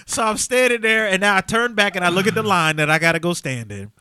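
A man with an unusually high, bright voice tells a funny story on a podcast. His pitch jumps around a lot as he acts out each moment. The sound is close and dry. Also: fast, clean tone, no room sound. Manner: expressive, laughs often, acts out voices. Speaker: guest comedian. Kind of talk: animated storytelling in a casual chat.

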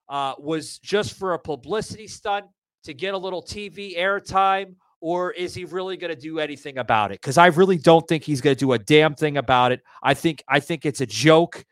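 A man's voice: on the high side, no room sound. A man hosting a political talk show, ranting heatedly, swearing a lot and stumbling over repeated restarts. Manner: swears a lot, stammering restarts, gets fired up. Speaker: podcast host. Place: live audio room broadcast.

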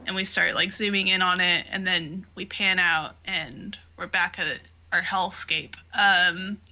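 A woman co-hosting a podcast, talking in a loose, casual way as she recaps a manga. Her voice is bright and a little tense. She swears freely and leans heavily on fillers. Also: fairly low pitch, fairly even intonation, a little slow. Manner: swears freely, retells scenes while acting out the characters' lines; filler-heavy, laughs often. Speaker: podcast co-host.

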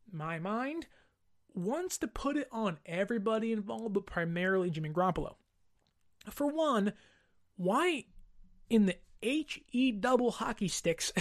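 Woman sports host on a heated rant, slangy and exasperated, voice sits a bit high. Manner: exasperated, slangy, repeats herself for emphasis.

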